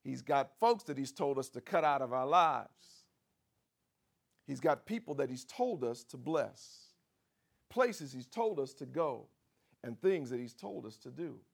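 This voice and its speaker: A man preaching a sermon as pastor, with a repetitive cadence that swings from loud outbursts to hushed asides. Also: medium pitch, lively intonation, a little slow, vocal fry.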